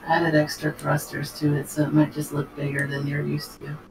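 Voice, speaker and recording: A woman's voice: low-pitched, completely flat delivery, brisk. A woman playing a game with friends, giving brief, laid-back replies. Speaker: co-player. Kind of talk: casual chat while playing a game. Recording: distant mic, echoey room, clear noise.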